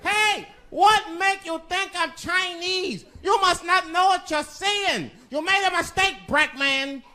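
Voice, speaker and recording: A man voicing a gruff, impatient shopkeeper who shouts in a high voice, in a stand-up routine. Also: slow, exaggerated voice. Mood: angry.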